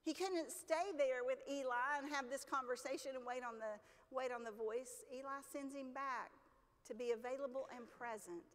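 A woman's voice: high voice, normal speed. A woman pastor preaching a sermon in a church, talking conversationally with the congregation, asking them questions and acting out the people in her stories. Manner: acts out characters in stories with lively voices. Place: church sanctuary. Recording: long reverb of a church hall.

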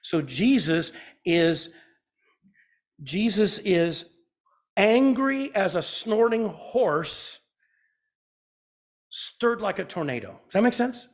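A man preaching a sermon as pastor. He asks the congregation questions and swings from loud, urgent emphasis to a hushed softness. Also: high-pitched, lively intonation, slow pace, long pauses.

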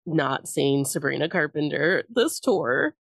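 A woman with a slightly low voice chats on a podcast, animated and laughing easily, cursing casually as she tells stories. She sits close to the mic in a dry, dead room. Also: creaky, dry recording. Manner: animated, swears casually, laughs often, breaks into quick impressions.

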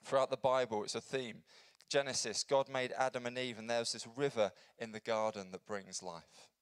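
Earnest man preaching with a smooth voice. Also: fairly even intonation, normal speed, no echo. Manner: earnest, builds up then drops to a soft low voice. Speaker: pastor. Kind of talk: sermon. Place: church.

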